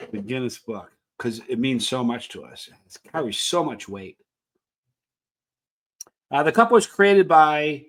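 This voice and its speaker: A man's voice: fairly high pitch, fairly bright tone. A man hosting a casual countdown show, reading facts with playful asides and questions to viewers. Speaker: channel host.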